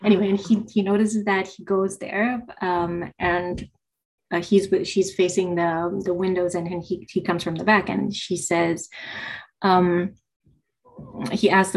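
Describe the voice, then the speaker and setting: A woman's voice: lowish voice, little pitch movement, measured pace, slight background noise. A woman co-hosting a podcast who talks hesitantly, searching for words with many fillers, and reads passages aloud in casual chat. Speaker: podcast co-host.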